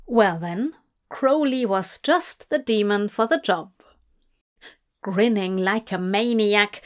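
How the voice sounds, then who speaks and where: Woman reading a fan-fiction audio story, slow and measured, mid-pitched.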